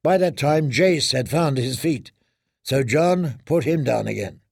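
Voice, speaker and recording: Man reading a fantasy book out loud, gravelly voice, dry close mic. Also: mid-range voice, no room sound. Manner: steady, measured storytelling. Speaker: audiobook narrator. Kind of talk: scripted fantasy narration.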